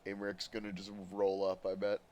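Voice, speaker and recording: A man's voice: low voice, completely flat delivery, a little fast, darkish tone. A man streaming a game, chatting casually with self-deprecating asides into a desk mic. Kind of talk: casual gameplay commentary. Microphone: desk microphone. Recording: stream audio with game music. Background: game music clearly heard.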